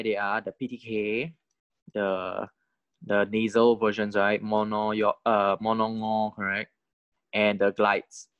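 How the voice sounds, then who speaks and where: A man's voice: on the low side, no room sound, lo-fi sound. Dry-voiced man teaching a lecture. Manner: deliberate, keeps checking in with "right?" and "correct?". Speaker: Thai language teacher. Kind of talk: recorded lecture.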